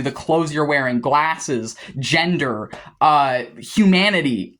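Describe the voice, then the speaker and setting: A man's voice: on the high side, takes it slowly, few pauses, a bit bright. A young man vlogging in a casual monologue to camera, heated and profane, rambling with frequent restarts.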